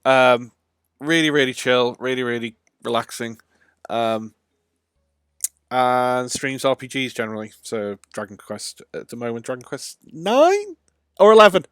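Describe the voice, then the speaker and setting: A man's voice: medium pitch, big pitch swings, measured pace, clear, resonant tone, dry recording. Chatty male streamer, dry close sound. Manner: chatty, rambling, with frequent ums and uhs. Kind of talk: casual let's-play livestream commentary.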